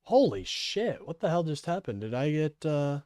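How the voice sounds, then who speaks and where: A man streaming live, reacting to a political clip with profane, sarcastic rants that drop into low mumbling. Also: a little fast, dark tone, clean tone, no room sound, studio quality.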